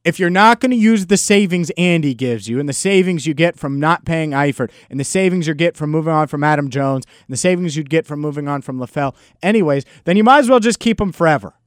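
A man's voice: a little high, animated, fast talker, hardly any pauses, no echo, studio quality. A man hosting a solo sports podcast, talking in an emphatic, frustrated and sarcastic way. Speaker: podcast host.

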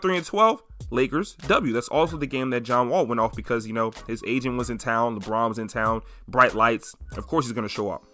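A man in his twenties hosting a solo sports podcast, talking emphatically and hammering his points home with repetition. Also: medium pitch. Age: 20s. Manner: emphatic, animated, repeating points for effect. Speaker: podcast host.

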